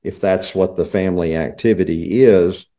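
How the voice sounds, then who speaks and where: Low, mellow older male guest. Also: normal speed. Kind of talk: casual interview.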